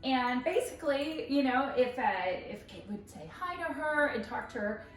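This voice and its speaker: With lively intonation and a moderate pace, she chats upbeat through an instructional dog training demo, using a high praise voice for the dog. Her voice is distant, with roomy echo and faint music behind it.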